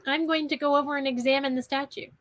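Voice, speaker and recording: A woman's voice: high-pitched, steady tone, fast. A woman taking part as a player in a tabletop game, asking many curious questions. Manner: curious, asks lots of questions. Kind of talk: casual game chat.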